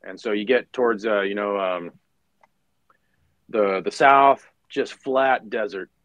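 A man in his forties, a former Marine officer, tells stories in a casual interview, acting out the voices of the people in them as an animated storyteller. His voice is lowish and slow, on a dry, low-quality recording.

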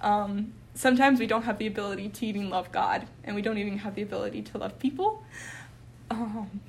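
A woman's voice: medium pitch, brisk, creaky, darkish tone, a little hiss or hum. A young woman sharing in a casual Bible study chat, earnest and full of fillers, getting tearful when moved. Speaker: Bible study group member.

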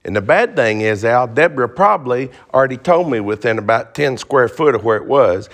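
A man's voice: medium pitch, animated, fairly quick, hardly any pauses, fairly bright tone. A man teaching an interactive Bible class, joking and asking the class questions.

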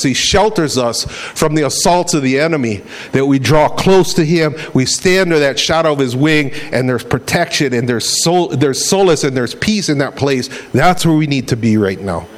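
Man preaching. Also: medium pitch. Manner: conversational preaching with acted-out quotes. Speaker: pastor. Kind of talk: sermon.

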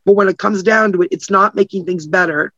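A woman's voice: mid-range voice, fairly quick, a bit bright, no room sound. A woman being interviewed as a guest, talking animatedly, acting out quoted voices and laughing often. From Canada. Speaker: guest publicist. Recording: slightly muffled, dry sound.

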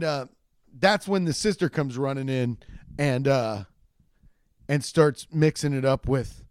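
A young man telling a rambling, profane comedic story, acting out the people in it with shouted quotes. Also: a little high, dry recording, studio quality.

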